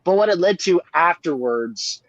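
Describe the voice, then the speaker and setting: A man's voice: fairly high pitch, lively intonation, normal speed, fairly bright tone, no echo, muffled recording. A man in casual chat, rambling and hedging his opinions.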